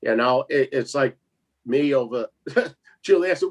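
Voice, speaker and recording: A man's voice: mid-range voice, lively intonation, a little slow. A man telling a story in casual chat, laughing often and acting out the other voices in it. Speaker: co-host.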